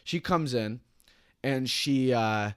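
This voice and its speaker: A man's voice: mid-range voice, slow pace, clear, resonant tone, dry recording, studio quality. A young man, telling a heated, profane work story as a podcast co-host. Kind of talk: casual podcast chat.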